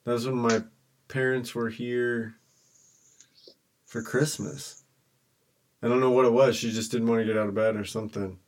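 A man's voice: mid-range voice, level tone, normal speed, pauses often. A man in his thirties chatting casually as a podcast co-host in an easygoing, agreeable way. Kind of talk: casual chat.

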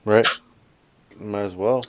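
A man's voice: lowish voice, fairly even intonation, takes it slowly, a crowd in the background. A man chatting casually with a friend, laid-back, swearing casually and giving short agreeing replies. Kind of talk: casual chat.

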